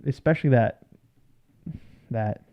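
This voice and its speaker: A man's voice: mid-range voice, takes it slowly, highs cut off. Laid-back young man chatting on a podcast. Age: 20s. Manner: laid-back, laughs often, says "like" a lot. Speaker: podcast co-host. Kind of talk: casual chat.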